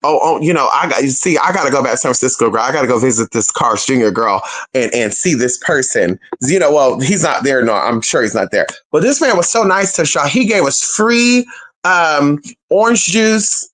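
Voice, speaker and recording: Young adult storyteller, chatty, swearing freely, lively swooping pitch, talks straight to viewers. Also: normal speed. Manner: animated, profane, keeps calling the audience "y'all" and "girl". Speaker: streamer telling a personal story. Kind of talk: casual storytelling to an audience.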